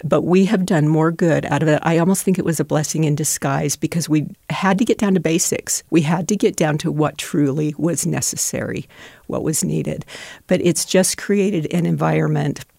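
A middle-aged woman speaks with a gravelly, fry-tinged voice, sincere and devout as she recounts stories of the refugee families she serves. The sound is close and dry, with no room around it. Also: sits low, moderate pace, mellow, no echo. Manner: heartfelt, tearful at moments, devout. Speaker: refugee donation center volunteer. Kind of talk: emotional interview storytelling.

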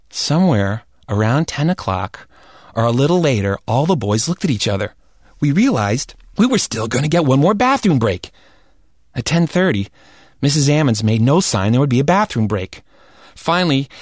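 Casting: expressive male storyteller, comic and animated, bone-dry close recording. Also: mid-range voice, no echo. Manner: animated, comic, rising into shouts at wild moments. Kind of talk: spoken personal story.

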